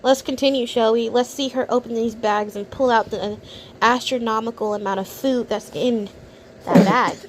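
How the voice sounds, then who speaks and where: Woman mocking a food vlog, sneery reaction talk, kinda high voice. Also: fairly even intonation, normal speed, a little hiss or hum. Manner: sneering, contemptuous. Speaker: reaction video host.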